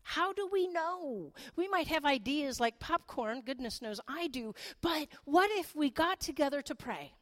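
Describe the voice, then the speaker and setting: A middle-aged woman pastor giving a sermon in a conversational, animated way, with playful asides. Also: high-pitched, unhurried, hardly any pauses.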